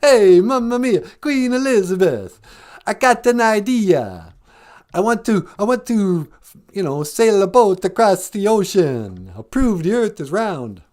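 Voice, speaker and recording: Bumbling explorer, exaggerated mock accent, a man putting it on, raised pitch, slow. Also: big pitch swings, a little mellow. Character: bumbling fake-Italian male explorer.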